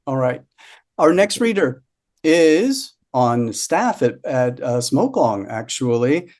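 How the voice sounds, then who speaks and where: A man's voice: medium pitch, big pitch swings, takes it slowly, darkish tone. A man hosting a reading event, chatting enthusiastically with filler words and introducing the next author.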